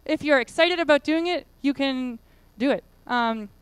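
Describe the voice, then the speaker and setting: A woman's voice: high-pitched, normal speed, no echo. A woman giving a casual conference talk, chatty and full of fillers. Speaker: conference speaker. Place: conference room.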